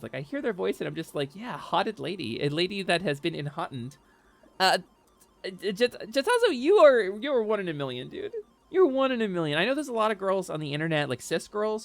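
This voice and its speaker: Woman, 30s, streamer, voice-changed, candid and halting, gravelly edges, soft game music behind. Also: lowish voice. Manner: earnest and candid, hesitant with frequent restarts. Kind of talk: casual livestream chat, reading chat aloud.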